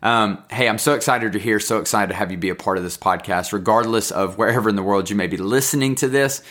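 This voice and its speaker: Male podcast host, North Carolina accent, deeper voice, heartfelt and encouraging, casual solo talk. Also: fast, fairly bright tone. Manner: earnest, encouraging, openly emotional.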